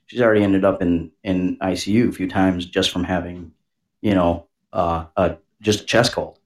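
A man co-hosting a podcast, talking casually in a halting way with many restarts. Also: low-pitched, steady tone. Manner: halting, full of "you know" and restarts. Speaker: podcast co-host. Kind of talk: casual chat.

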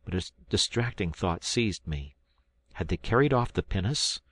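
Very deep-voiced man narrating an audiobook. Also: dry recording. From South Carolina, United States. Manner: measured, steady reading that lifts into dialogue. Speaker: volunteer audiobook reader.

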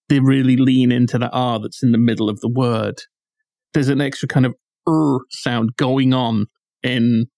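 A man's voice: medium pitch, creaky, a little mellow, dry recording. Dry-sounding man explaining things. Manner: explanatory, pedantic about word meanings. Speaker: podcast co-host. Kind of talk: casual chat.

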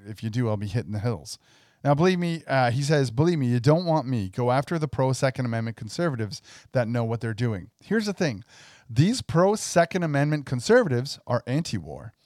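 A man's voice: mid-range voice, sing-song, a little fast, darkish tone, no echo. Blunt man talking politics, dry mic. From Canada. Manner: blunt, declarative, with frequent short agreements. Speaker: podcast co-host. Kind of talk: casual political commentary.

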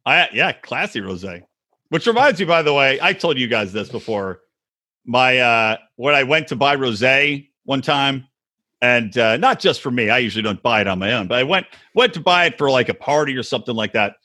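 Man, podcast co-host, lively swings in pitch, bright tone, loud put-on quotes. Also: moderate pace. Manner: animated, swears, acts out quotes loudly. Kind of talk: casual comedic chat. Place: recording room, west coast.

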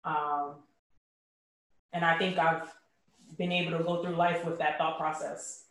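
A woman explaining her view in a casual group discussion, reflective with many "um" pauses. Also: sits low, flat delivery, a little hiss or hum. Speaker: discussion participant. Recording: echoey room, far from the mic.

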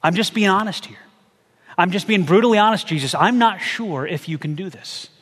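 A man voicing a desperate, doubting father of a sick boy, pleading in a hushed, halting way, with a long hall echo. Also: high-pitched, animated, slightly rough, full character voice. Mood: doubtful.

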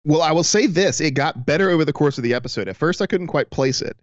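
With a high-ish, animated, fast voice and no room sound, a man co-hosts a fan podcast, though the audio is dull and lo-fi. He's easygoing and quick to laugh as he summarizes an episode in casual fan talk.

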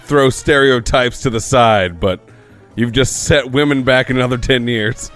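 A man's voice: medium pitch, unhurried, a bit bright, faint music behind. A man playing a tabletop game, making wry jokes in casual chat. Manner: joking, wry. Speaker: player.

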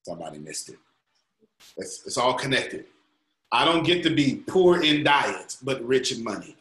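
Bright-voiced, emphatic male coach. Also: medium pitch, big pitch swings, normal speed, roomy sound, poor audio. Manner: emphatic, preachy, colloquial. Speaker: motivational coach leading a group call. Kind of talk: motivational teaching on a call.

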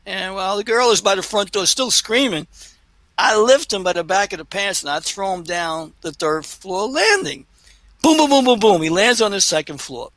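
Co-host type, high-pitched, lively gravelly man spinning a rambling anecdote. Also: no echo, low-quality recording. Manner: rambling, laughing, animated storyteller. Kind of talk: casual chat, storytelling.

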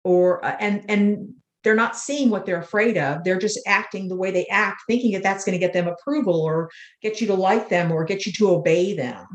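An older woman, an author and interview guest, talking in an earnest, unhurried way and telling spiritual stories. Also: mid-range voice. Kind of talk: reflective interview talk. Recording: roomy echo.

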